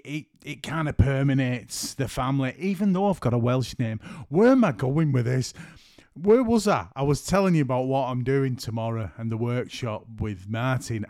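This middle-aged photographer hosts his solo podcast from home after work, joking and rambling while repeatedly breaking off mid-sentence. His mid-range voice is a little mellow, with clean studio sound and no echo.

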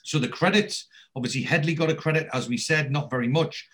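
Animated man retelling an episode. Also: fairly high pitch, fairly quick. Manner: animated storyteller acting out quoted lines. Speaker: podcast host. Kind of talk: casual episode recap.

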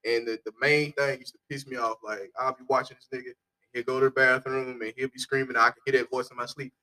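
A man in his thirties co-hosting a casual chat, telling profane, animated stories with laughter. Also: medium pitch, fast talker, low-quality recording.

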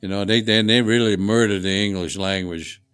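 An older man with a New Orleans accent tells folksy, rambling shop stories at a home dining table. His voice sits low and the sound is dry and close, with faint music underneath. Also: fairly even intonation, normal speed, fairly bright tone, clear, resonant tone, no room sound. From Louisiana. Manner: folksy, rambling, repeats words. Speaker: guest, HVAC tradesman. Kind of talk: casual storytelling chat. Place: family dining table, indoors.

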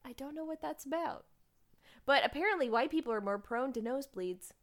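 A woman's voice: high voice, lively intonation, brisk. A woman co-hosting a casual chat, recapping a drama plot with filler words and frequent laughs. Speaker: podcast co-host recapping a drama.

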